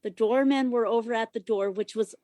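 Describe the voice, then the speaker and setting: High-voiced woman telling a wild story. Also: brisk, dry recording, studio quality. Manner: animated, profane, loud when quoting herself. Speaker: podcast guest, former stripper. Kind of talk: casual storytelling.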